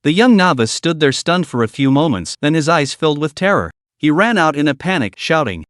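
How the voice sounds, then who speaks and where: A man reads a fantasy recap in a dramatic, scripted storytelling style. His voice sits a little high for a man and swings widely in pitch, and the recording is dry and close. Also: sing-song, fairly quick, hardly any pauses, a bit bright, no echo. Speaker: narrator. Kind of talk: scripted narration.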